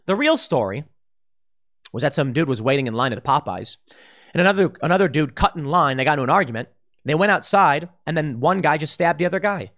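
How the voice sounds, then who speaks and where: Male commentary host, fairly high voice, fired-up ranting delivery, close mic. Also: animated, fast, fairly bright tone. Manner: heated, ranting, mocking impressions. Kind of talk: opinionated solo commentary.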